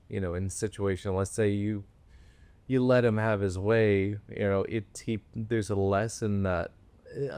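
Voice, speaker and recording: A man's voice: low-pitched, darkish tone, clear, resonant tone, dry recording. A man hosting a podcast, speaking thoughtfully in a reflective conversation. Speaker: podcast host.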